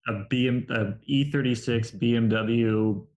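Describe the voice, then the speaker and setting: A man co-hosting a car podcast, relaxed and chatty in casual talk. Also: mid-range voice, measured pace. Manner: relaxed, chatty, laughs easily. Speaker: podcast co-host. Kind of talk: casual interview chat.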